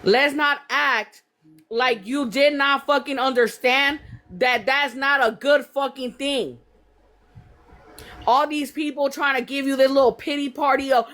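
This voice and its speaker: A woman's voice: high voice, takes it slowly, long pauses, fairly bright tone. A woman host who confronts a guest on a live call, swearing and repeating her questions.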